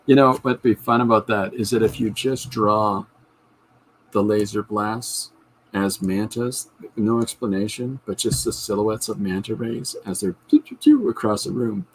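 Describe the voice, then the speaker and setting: Speaking at a measured pace with lively intonation, a man whose voice is on the low side and slightly rough chats on his own podcast in a casual livestream format. He's a comic artist who eagerly rambles about his comic ideas, restarting often, and the recording itself is rough.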